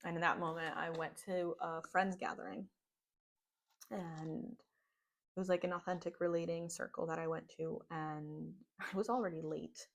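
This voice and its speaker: A woman's voice: on the low side, little pitch movement, moderate pace, vocal fry. A woman telling a personal story in a casual, rambling way, with plenty of "like". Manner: casual, rambling, heavy use of "like". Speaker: podcast host.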